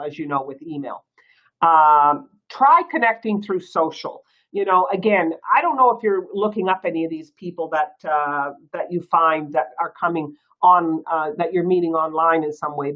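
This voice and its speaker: A woman with a Canadian accent giving a real estate training talk in a chatty, lively way and laughing often. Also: lowish voice. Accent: Canadian English. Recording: dull lo-fi recording.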